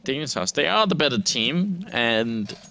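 Man, esports play-by-play caster, bright voice, relaxed delivery, light background hiss. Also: medium pitch. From Denmark. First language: Danish. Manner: relaxed, chatty, quick. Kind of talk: play-by-play commentary.

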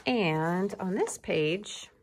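A woman teacher giving a gentle, encouraging lesson to young children, clapping out syllables. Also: fairly low pitch, lively intonation, extremely slow, a little hiss or hum.

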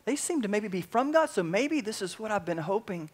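Preacher doing a frantic high-voiced Roman governor. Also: male voice, big pitch swings, a little fast. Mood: pondering. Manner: breathless, rambling, high-pitched when shocked. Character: panicked awestruck male Roman governor. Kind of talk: sermon storytelling.

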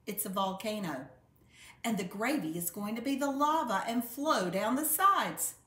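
A woman's voice: fairly high pitch, animated, measured pace, sharp tone, recorded from a distance. A woman voicing a cheeky little girl bear cub in a storybook read-aloud, with a roomy echo. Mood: chirpy. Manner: chirpy, explaining.

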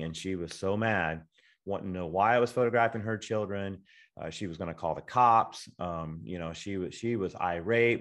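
A middle-aged man from Texas, a photographer, giving an informal talk on photography, chatty and full of fillers, acting out sample dialogue. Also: on the low side. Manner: conversational, acts out sample dialogue, many fillers. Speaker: guest speaker, photographer.

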